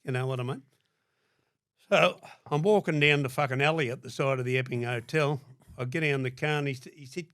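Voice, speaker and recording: A man's voice: mid-range voice, fast, fairly bright tone, no echo, clean studio sound. An older man with an Australian accent from Sydney, telling stories as a podcast guest in a blunt, heavily profane way. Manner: blunt, heavy swearing, acts out quoted dialogue. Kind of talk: casual storytelling.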